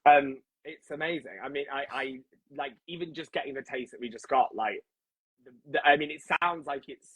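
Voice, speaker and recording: A man's voice: medium pitch, normal speed, fairly bright tone, breathy edge, dry recording, rough recording. A man chatting as a guest on a live stream, gushing and rambling, with lots of "like" and "do you know what I mean.". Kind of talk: casual live chat.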